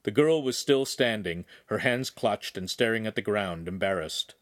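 A man narrating a young adult novel in an even, measured reading voice. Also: fairly low pitch, dry recording, studio quality. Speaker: audiobook narrator. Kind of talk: scripted story narration.

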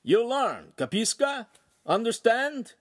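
A man's voice: very high-pitched, sing-song, slow pace, pitched above the performer's own voice, full character voice. A man voicing a cheerful, bossy master craftsman with an Italian accent and broken English.

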